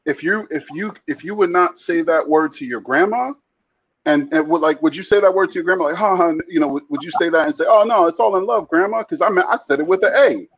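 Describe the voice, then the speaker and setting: A man's voice: fairly high pitch, quick pace, husky, highs cut off. A man co-hosting a heated casual discussion, talking bluntly and emphatically with frequent profanity and repeated false starts. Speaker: podcast co-host.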